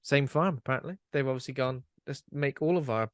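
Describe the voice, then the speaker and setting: A man's voice: medium pitch, fairly quick, dry recording. A man co-hosting a casual film podcast, chatty and rambling with frequent fillers. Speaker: podcast co-host.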